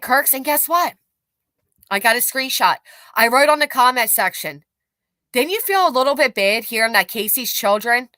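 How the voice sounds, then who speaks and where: A woman's voice: on the high side, pushed and bright, no echo. A woman hosting a livestream, commenting bluntly and angrily with profanity while reading out chat messages. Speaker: commentary channel host.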